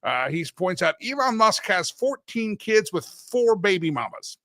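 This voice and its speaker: A man hosts a talk show in a casual, joking way with a sarcastic streak. His voice is bright and sits a little high. The sound is dry and close to the mic. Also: sing-song, unhurried, no echo. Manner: playful and sarcastic.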